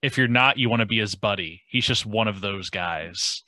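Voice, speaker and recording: A man's voice: on the low side, moderate pace, sharp tone, no echo, rough recording. A man who is a guest on a casual podcast, offering thoughtful, hedging takes full of "like" and "kind of.".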